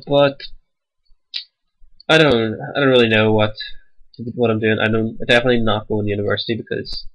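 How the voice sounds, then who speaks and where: A young man in his late teens, stuffy-nosed and a little raspy from a cold, giving rambling, hesitant commentary over a game he is playing. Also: lowish voice, a bit bright, poor audio. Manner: rambling and hesitant, many ums. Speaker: gaming channel host. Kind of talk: casual gameplay commentary.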